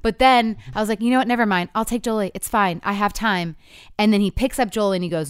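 A woman's voice: medium pitch, fast, clear, resonant tone, no echo, studio quality. A woman in her thirties telling a couple's story in candid chat, acting out the quotes as she goes. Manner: animated storytelling with voiced quotes.

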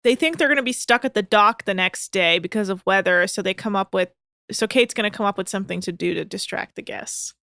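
Bright-voiced woman podcast co-host. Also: mid-range voice, brisk, vocal fry, no echo, clean studio sound. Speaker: podcast co-host recapping a reality show. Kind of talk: casual recap chat.

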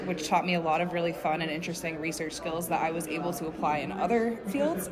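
30s woman guest, upbeat, laughs a lot, lowish voice, crowd chatter behind. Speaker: guest researcher. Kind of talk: casual interview answers.

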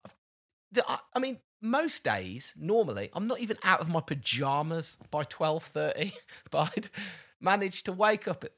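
A man's voice: fairly high pitch, normal speed. Chatty man telling a travel story. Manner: chatty storyteller, animated when excited. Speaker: podcast co-host. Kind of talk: casual chat.

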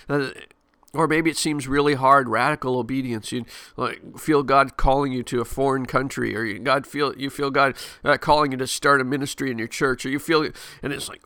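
A middle-aged man talks through a casual devotional podcast episode, rambling and correcting himself as he goes. His voice is bright and forward, recorded close and dry with no room sound. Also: medium pitch, fairly even intonation, normal speed, no room sound. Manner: chatty, rambling, frequent fillers and self-corrections. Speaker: podcast host.

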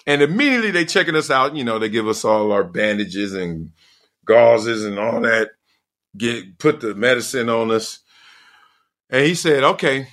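A middle-aged man with a lilt spins a story on his podcast. His voice is bright and forward, and it swoops up and down as he acts out what everyone said and every crash and yelp. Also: mid-range voice. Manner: expressive, acts out quoted voices and sounds, laughs often. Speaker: podcast host. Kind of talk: animated storytelling.

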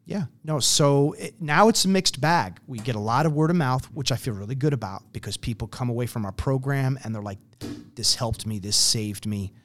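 A man of average pitch is being interviewed about the program he runs. He explains things earnestly and keeps acting out little scenes and quotes to make his point. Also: brisk, few pauses. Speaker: program founder. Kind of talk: conversational interview.

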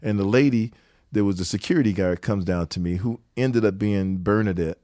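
Telling tales from his years in music, this older guest, a songwriter and guitarist, speaks slightly quickly in a deep voice. The sound is close and dry without echo, and he laughs frequently while voicing other people's lines with lively energy.

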